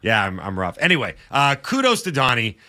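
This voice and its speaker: Dry, bright-voiced male radio host. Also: medium pitch, wildly swooping pitch, fairly quick, no echo. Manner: wry, laughs between lines. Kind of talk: casual sports radio banter. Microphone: close studio mic.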